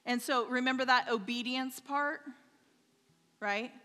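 Woman preaching in a big echoey church, bright sharp voice, slow and storytelling, keeps asking okay?. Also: high-pitched. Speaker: pastor's wife preaching. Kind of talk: sermon. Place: church sanctuary.

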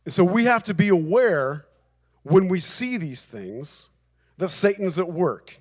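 High-voiced male pastor preaching emphatically. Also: very animated, measured pace. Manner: emphatic, repeats phrases for emphasis. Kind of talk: sermon.

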